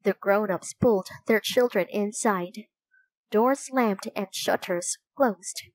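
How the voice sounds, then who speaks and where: Woman reading a storybook, slow and calm, dry close mic. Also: mid-range voice, dry recording.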